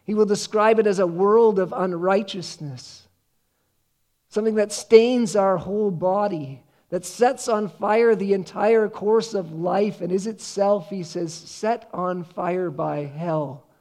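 A man preaching a sermon, earnest, slowing down to read scripture with emphasis. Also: high voice, darkish tone. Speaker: pastor.

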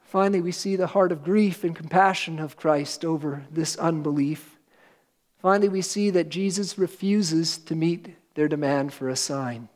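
Delivering a sermon to the congregation, this pastor speaks earnestly and with emphasis, pausing slowly and heavily. His male voice is fairly high in pitch yet somewhat dark in tone.

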